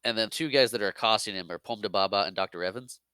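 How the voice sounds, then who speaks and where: A man with a lowish, bright and clear voice, chatting casually as a podcast co-host. He laughs often and breaks into quick character voices. The recording is close and dry. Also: no room sound. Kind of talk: casual movie chat.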